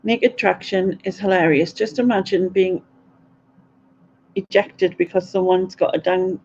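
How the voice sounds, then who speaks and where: A woman's voice: fairly low pitch, steady tone, unhurried, a little mellow, highs cut off, a little hiss or hum. A middle-aged woman, chatting and giggling through a casual live question-and-answer stream.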